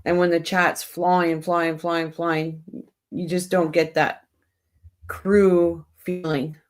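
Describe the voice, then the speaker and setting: A woman's voice: lowish voice, level tone, takes it slowly. A woman hosting a casual livestream, rambling in a friendly way and talking straight to her viewers. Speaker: livestream host.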